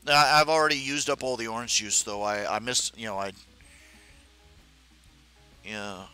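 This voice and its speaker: A middle-aged man hosting a live stream, talking casually and haltingly with many fillers and restarts. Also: mid-range voice, steady tone, sharp tone, clean tone, soft background music.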